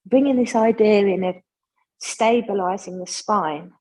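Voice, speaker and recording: A woman with a soft, breathy voice guides a yoga flow. She talks the class through each move in a gentle, chatty way and drops in friendly asides. Her pitch sits in a middle range. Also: a little slow, rough recording. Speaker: yoga instructor.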